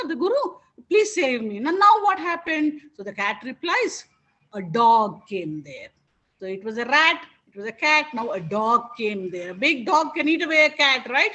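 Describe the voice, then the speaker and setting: A woman's voice: high-pitched, bright, forceful tone, poor audio. A woman teacher telling a fable to a class and often asking her listeners questions. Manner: interactive, asks the listeners many questions. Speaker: spiritual teacher. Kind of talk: storytelling to a class.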